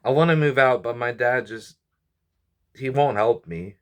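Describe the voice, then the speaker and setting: A man's voice: medium pitch, a little slow. A man in his twenties venting to his viewers, rambling, stressed and weary, with frequent sighs and apologies. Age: 20s. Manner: frustrated, rambling, sighing, apologetic. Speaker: YouTuber and comedian. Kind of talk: venting vlog to camera.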